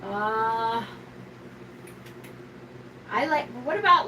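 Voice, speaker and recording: Gushing, chatty woman tarot streamer. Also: noisy background. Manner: gushing and chatty, thinks aloud and corrects herself; reads card descriptions aloud slowly and low. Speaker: tarot reader and livestream host. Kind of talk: casual live-stream chat, showing tarot decks and answering viewer comments.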